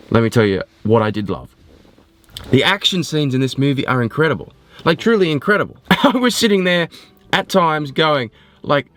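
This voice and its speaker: A man reviews a film in a loose, talky way, jumping between thoughts and teasing himself as he goes. His voice sits a little high for a man. The sound is dry and close, with no room around it. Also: no room sound. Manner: animated, rambling, self-mocking. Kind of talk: casual spoken film review.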